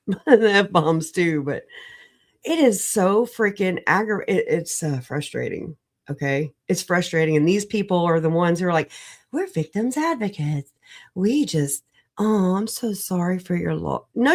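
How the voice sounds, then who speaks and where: A woman on a livestream video call, recovering from an illness, talking in an animated, rambling way, laughing often and swearing. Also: mid-range voice. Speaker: livestream guest. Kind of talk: casual livestream chat.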